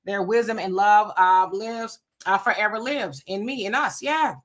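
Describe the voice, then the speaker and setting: A woman hosting a casual livestream, reading out viewer comments and telling animated stories. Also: mid-range voice, measured pace. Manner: animated storytelling with frequent laughs. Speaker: livestream host.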